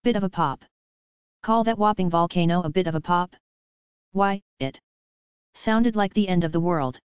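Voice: mid-range voice, normal speed, clean tone, dry recording, lightly acted. A narrator voicing a huge, menacing gangster boss who growls threats in a storybook reading. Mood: threatening. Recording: dull, dry sound.

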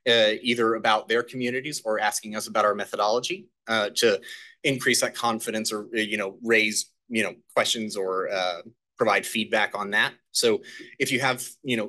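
Guy presenting at a committee meeting, bright voice, lots of uhs and restarts. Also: on the low side. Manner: halting, many fillers and restarts. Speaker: staff presenter.

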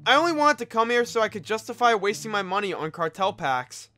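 A man commentating his gameplay, laughing often and breaking into excited high outbursts. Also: a little fast, noisy background. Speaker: gaming YouTuber.

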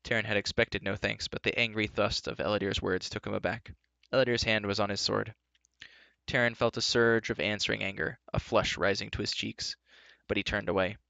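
A man reads a story aloud with a low, gravelly voice in a steady, even manner. The sound is dry and close with a dull, lo-fi quality. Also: brisk, no room sound. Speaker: narrator. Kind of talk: live storybook reading.

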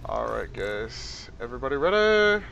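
A man's voice: medium pitch, normal speed, gravelly, highs cut off, a little hiss or hum. A man giving casual let's-play commentary, swearing and crying out when startled. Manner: lively, swearing, startled outbursts. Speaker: gameplay commentator.

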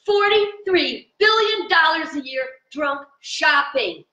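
A woman giving an informal live spiritual talk to viewers from her home in the country, chatty and animated, with fillers. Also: high voice, takes it slowly. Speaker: spiritual teacher. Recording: dull, roomy sound from a distant mic.

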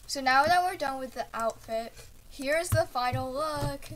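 A woman hosts a relaxed gaming session with a high-pitched voice. She coaches her friend in a teasing, giggly way. Her tone is bright and forward. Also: a little slow. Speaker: gaming channel host. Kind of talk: casual gaming chat.

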